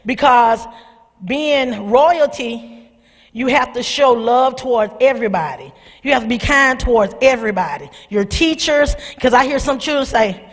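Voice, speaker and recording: A middle-aged woman with a drawl tells her own story to a church youth crowd, her high voice leaping up and down as she calls out to them. Her tone is husky, and her words ring out through a large sanctuary with a long reverb. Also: normal speed. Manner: animated storytelling, calls out to the audience. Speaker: speaker at a church youth service. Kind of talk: personal testimony to young people.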